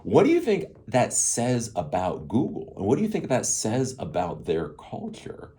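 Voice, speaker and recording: Deep-voiced rambling man. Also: wildly swooping pitch, a little slow, dark tone. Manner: rambling, sarcastic, chuckling often. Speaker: tech commentary host. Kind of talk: casual solo commentary.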